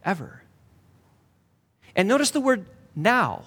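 A man preaching a sermon emphatically, dropping to a near hush to stress key points. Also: high voice, huge pitch swings, takes it slowly, breathy edge, long reverb tail. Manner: emphatic, with dramatic drops to a hush.

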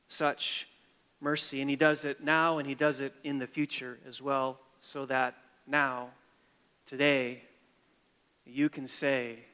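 Male pastor, sermon delivery, bright tone, dynamic from hushed to emphatic, long hall echo. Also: medium pitch. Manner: preaching with emphatic rises and quiet, hushed stretches.

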